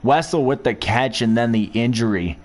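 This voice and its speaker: A man's voice: medium pitch, moderate pace, darkish tone. A man giving casual, rambling commentary while playing a football video game, reminiscing about past seasons as he goes.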